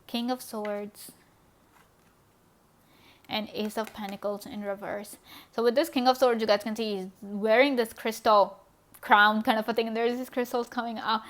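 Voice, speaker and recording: A woman's voice: on the high side, fairly even intonation, normal speed, fairly bright tone. A woman giving a pick-a-card tarot reading in a chatty, gushing way, with many fillers and small laughs. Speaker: tarot reader.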